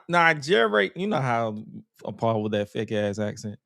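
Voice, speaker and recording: A man's voice: mid-range voice, sing-song, normal speed, vocal fry, sharp tone, no room sound, clean studio sound. A man hosting a wrestling podcast in casual, joking chat, laughing often. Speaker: podcast host.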